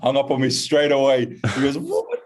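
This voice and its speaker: Animated young Australian man telling a story. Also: normal speed. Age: young adult. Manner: animated, acts out quoted voices in high pitch. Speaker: guest. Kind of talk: casual storytelling.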